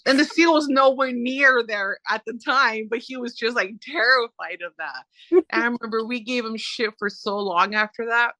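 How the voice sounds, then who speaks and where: A woman from Southern California, a podcast guest, telling stories in an animated, rambling way with many fillers. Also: on the high side, moderate pace, dry recording. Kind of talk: conversational storytelling.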